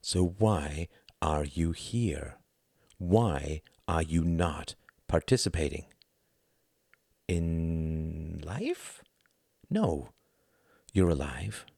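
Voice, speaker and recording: A man voicing an earnest, intense German mentor who speaks in a measured, gentle way. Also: extremely low pitch, expressive, vocal fry, husky, dry recording, studio quality, heavily acted.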